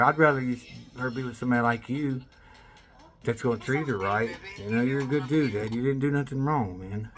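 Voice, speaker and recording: Excitable man rambling with a bright voice. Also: mid-range voice, fairly quick. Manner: rambling, with restarts and bursts of laughter; swears freely and speaks casually. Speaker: vlogger. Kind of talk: rambling spoken monologue.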